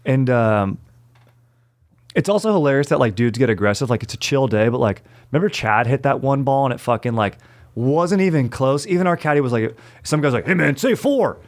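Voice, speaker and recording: A man's voice: mid-range voice, expressive, brisk. A young adult man hosting a casual chat, telling stories in laid-back bro slang. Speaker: podcast host.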